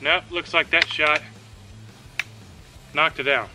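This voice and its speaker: A shooting channel host, a man with a fairly high voice, gives slow, relaxed commentary between shots at an outdoor range for his casual vlog. He's sometimes out of breath, and there's noise in the background.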